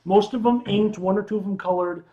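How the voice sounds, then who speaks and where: A tipsy man co-hosting a drinking livestream, loud and excitable and swearing freely. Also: high voice, a little fast, dull audio. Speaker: livestream co-host. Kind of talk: casual drinking livestream chat.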